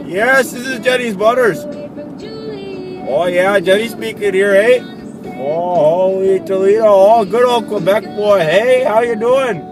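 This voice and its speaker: Young canadian dude, super high voice, goofy over-the-top exclaims, music playing behind. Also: male voice. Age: young adult. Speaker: comedy sketch actor. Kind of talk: comedic sketch banter with a put-on Canadian manner.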